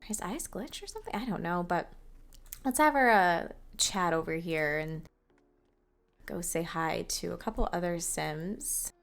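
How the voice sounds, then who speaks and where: A woman with a lowish voice and vocal fry hosts a let's play, chatting unhurriedly as she narrates her game with fillers and small laughs. Game music plays behind this casual gameplay commentary.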